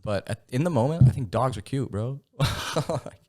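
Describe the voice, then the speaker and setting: A man hosting a podcast, chatting in a relaxed, laid-back way and calling his guests bro. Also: mid-range voice, moderate pace. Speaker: podcast host. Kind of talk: casual podcast conversation.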